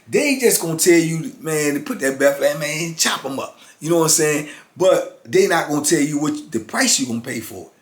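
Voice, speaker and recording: A man in his fifties hosting his channel, telling a story casually and acting out both sides with street slang. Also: fairly high pitch. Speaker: channel host. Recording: roomy echo.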